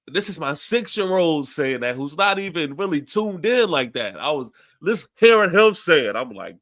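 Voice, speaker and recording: A young man with a New York accent delivers a fan's post-game rant as a podcast host. His voice sits a bit high, and he hammers points home by repeating them, swearing casually as he goes. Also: sing-song, fairly quick, few pauses, fairly bright tone.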